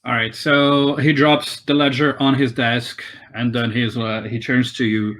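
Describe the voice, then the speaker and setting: A man running a tabletop game as game master, describing the scene in a halting, filler-heavy way. His voice sits at an ordinary middle pitch, heard over an online call. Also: level tone, fairly bright tone, poor audio. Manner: halting, with many fillers and restarts.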